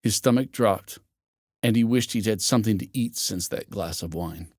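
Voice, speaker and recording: A man's voice: on the low side, moderate pace, darkish tone, dry recording. Man narrating an audiobook, dry close sound. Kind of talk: scripted narration.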